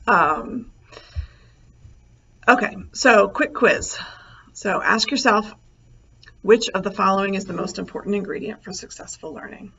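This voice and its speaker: A woman lecturer recording a lesson over slides, relaxed and thinking aloud with many fillers. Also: medium pitch, a little slow, gravelly, pauses often. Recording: slightly dull, faint noise.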